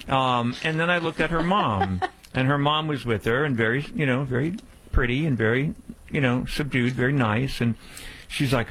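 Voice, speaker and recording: Man, radio show host, middle-pitched voice, chatty rambling anecdote, lots of fillers. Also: fairly bright tone, rough recording. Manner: upbeat plug with slow repeated phone number. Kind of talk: casual storytelling on a call-in radio show.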